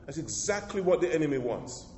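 A male pastor with a slightly higher-than-usual voice preaches to his congregation. His delivery is emphatic, and he often calls the room to answer back. He repeats and restarts phrases as he goes, and his voice rings through a reverberant church hall. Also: big pitch swings, brisk, warm tone. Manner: emphatic preaching with call-and-response. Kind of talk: sermon. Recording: echoey hall with long reverb.

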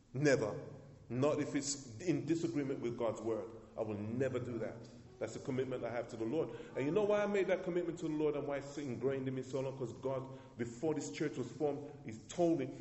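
Emphatic male pastor in an echoey hall. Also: dark tone. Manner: emphatic preacher, repeats words, rises in pitch for emphasis. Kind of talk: sermon. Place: church hall.

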